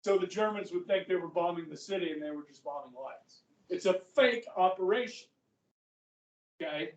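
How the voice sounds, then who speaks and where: Male history teacher, high voice, acts out quotes as he lectures; distant mic. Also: normal speed, highs cut off. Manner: animated storytelling, acts out quotes. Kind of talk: classroom lecture. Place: classroom. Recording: echoey classroom, mic far off.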